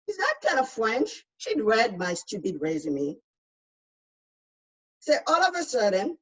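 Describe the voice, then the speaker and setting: Outspoken accented woman, distant muffled line. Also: fairly high pitch. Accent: foreign accent. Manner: outspoken, emphatic. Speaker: panel speaker. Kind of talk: personal testimony in a panel discussion.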